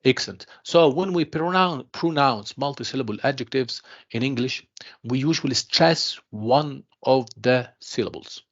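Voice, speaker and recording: A man with a gravelly, creaky voice teaches an English class, his showing in his speech. He talks slowly, repeats phrases and addresses his dear students. The audio is dull and lo-fi, like an online class. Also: mid-range voice. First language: Arabic. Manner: slow, repeats himself, calls students "dear students", mixes in Arabic explanations. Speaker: university English tutor.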